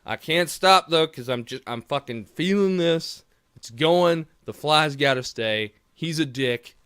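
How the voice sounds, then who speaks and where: A man's voice: on the high side, measured pace, fairly bright tone, smooth, no room sound, studio quality. A man delivering a heated, profane, rambling political rant straight to camera. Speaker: political commentary vlogger. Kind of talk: profane ranting commentary to camera.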